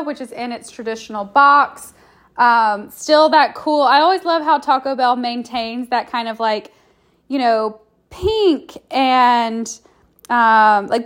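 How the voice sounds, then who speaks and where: A woman's voice: fairly high pitch, a bit bright. A woman chatting casually in a rambling way, with many fillers and restarts, telling a food review story. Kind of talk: casual chat.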